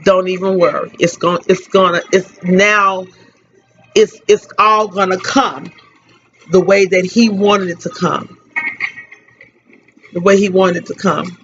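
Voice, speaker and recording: Grieving slow-spoken woman on radio. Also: fairly low pitch, fairly even intonation. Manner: grieving, halting, repeats phrases. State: tearful. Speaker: radio host giving a tribute. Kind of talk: emotional spoken tribute. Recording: dull lo-fi radio recording.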